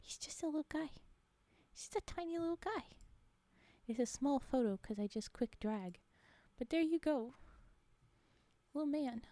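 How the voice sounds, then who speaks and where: A woman's voice: sits high, dark tone, no room sound. A young woman streaming live, chatting casually and rambling with frequent giggles.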